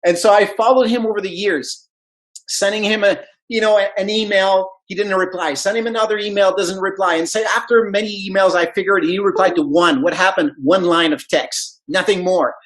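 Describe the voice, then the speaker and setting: A man's voice: high-pitched, fairly quick, rough recording. A man speaking English as a second language tells his sales story with energy. He acts out the voices of the people in it and keeps the story moving like a motivational speaker. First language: not English. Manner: animated storyteller, acts out quoted dialogue. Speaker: network marketing speaker.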